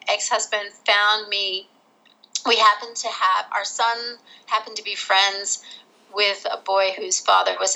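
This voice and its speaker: A woman's voice: mid-range voice, gravelly, sharp tone, rough recording. A middle-aged woman from Australia, a guest telling her own story candidly in a casual interview, laughing through the hard parts.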